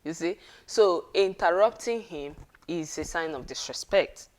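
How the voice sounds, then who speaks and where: A woman's voice: lowish voice, a little slow. A woman giving an earnest, casual talk on marriage and often checking in with her listeners. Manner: earnest, conversational, with frequent check-ins to listeners.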